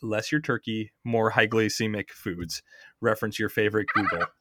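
A man's voice: on the low side, fairly even intonation, moderate pace, background noise. A man hosting a podcast, explaining science in a chatty way, quizzing his co-host and often restarting his sentences.

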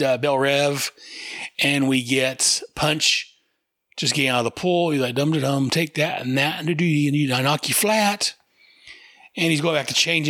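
A chatty man talks his way through a comic book, laughing as he goes. His voice is bright and forward, recorded close in a dry room. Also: medium pitch, dry recording. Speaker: comic book podcast host. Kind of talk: comic book review chat.

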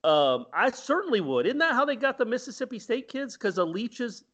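A man's voice: extremely high pitch, big pitch swings, normal speed, fairly bright tone. A man co-hosting a casual sports talk show, making wry, offhand remarks. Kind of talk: casual sports radio chat. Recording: slightly dull sound.

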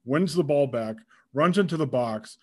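A man co-hosting a casual football podcast, giving measured, thoughtful analysis. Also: on the high side, expressive, darkish tone, husky. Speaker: podcast co-host. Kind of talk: casual chat about football.

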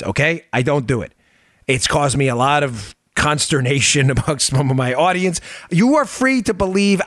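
A man hosting a political talk show, animated and emphatic, sarcastic and quick to laugh. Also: a little high, dry recording, clean studio sound. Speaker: host.

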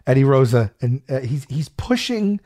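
A man telling a story in casual chat, animated and laughing often, acting out shouted quotes. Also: medium pitch, normal speed.

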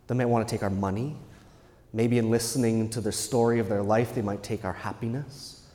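A man, a Catholic priest, giving a Sunday homily in an earnest, measured way with emphatic pauses. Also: medium pitch, darkish tone. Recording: long church reverb.

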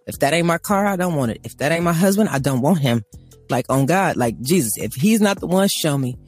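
Husky woman ranting about faith on a talk show, emphatic, acts out both sides. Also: low voice, expressive, a little fast, a little mellow, faint music behind. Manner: emphatic, acts out dialogues, laughing asides. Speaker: co-host. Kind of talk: animated faith talk, preaching rant.

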